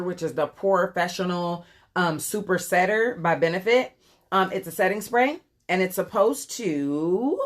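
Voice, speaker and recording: On a live makeup stream recorded on a phone camera, a woman in her forties rambles casually, answering viewers with many ums. Her voice sits on the low side with a fairly bright tone.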